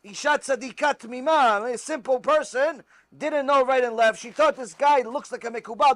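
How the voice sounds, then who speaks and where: A rabbi teaching religious law and telling stories, emphatic and repetitive. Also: male voice, extremely high pitch, normal speed, no echo. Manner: emphatic, repetitive, animated storyteller.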